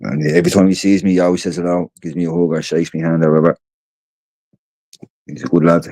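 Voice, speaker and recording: Speaking fast in a low, steady, creaky, and mellow voice with no room sound, a weary Irish livestream host at home tells loosely rambling stories, swearing freely and saying things over again.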